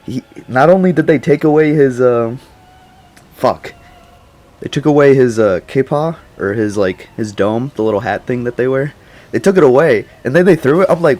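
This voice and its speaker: A man's voice: medium pitch, moderate pace, darkish tone. A young man giving a casual, slangy movie reaction, rambling and laughing often. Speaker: YouTuber.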